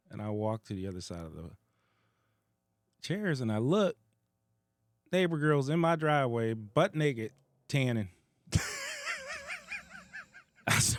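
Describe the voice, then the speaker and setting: A man's voice: mid-range voice, slow pace, long pauses, no room sound, clean studio sound. A man co-hosting a casual bar-talk podcast, telling a story with lots of swearing and laughter. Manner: animated, profane, laughs through his story. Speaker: podcast co-host.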